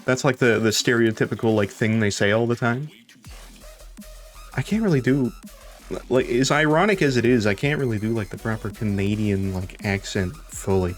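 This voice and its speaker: A man's voice: on the low side, normal speed, faint music behind. A young man chatting casually on a live stream, rambling, laughing often and swearing now and then.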